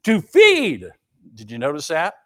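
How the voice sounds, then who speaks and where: A man's voice: a little high, huge pitch swings, measured pace, bright, forceful tone. A male pastor preaching a sermon, emphatic and repetitive, asking the congregation rhetorical questions.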